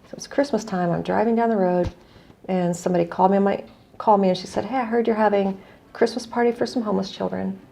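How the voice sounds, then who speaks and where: Gravelly, mellow-voiced woman storyteller. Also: medium pitch, fairly even intonation, fast talker, slight background noise. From United States. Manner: earnest, reflective storyteller, quoting others in dialogue. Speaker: guest, non-profit executive director. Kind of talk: conversational storytelling.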